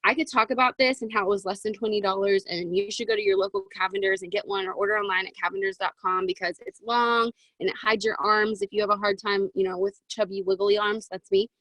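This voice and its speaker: A woman in her twenties giving a chatty, excitable motivational talk to a sales team over a video call from her closet, with plenty of "um" and "right?". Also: mid-range voice, fast, few pauses, no echo, poor audio. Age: 20s. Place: home walk-in closet.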